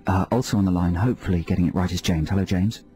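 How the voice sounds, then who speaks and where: Low-voiced guy hosting a comedy radio show, mellow and dry, calm hypnotist act, bit of music under it. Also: racing. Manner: calm, mock-hypnotist patter, deadpan. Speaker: radio host. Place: radio studio. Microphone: studio microphone.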